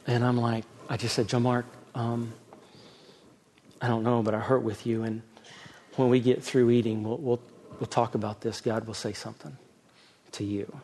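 A middle-aged man, a pastor, preaching a sermon with a personal story, swinging from loud emphasis to soft, hushed telling. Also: mid-range voice, flat delivery, normal speed, long pauses, a little hiss or hum.

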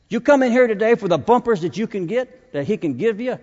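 A man preaching in a seminary chapel while working a dog, swinging between loud commands and soft, hushed points. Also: sits high, very animated, quick pace, few pauses. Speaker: chapel speaker training a dog. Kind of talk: sermon with a live dog demonstration. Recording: echoey hall, dull lo-fi sound.

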